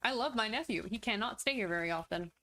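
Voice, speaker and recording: A woman's voice: medium pitch, animated, fast talker, pushed and bright, no room sound. A woman streamer chatting casually over a game in a mid-range voice. She talks frankly and bluntly and swears freely. Her desk mic sounds dry and close. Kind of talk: casual chat on a gaming livestream.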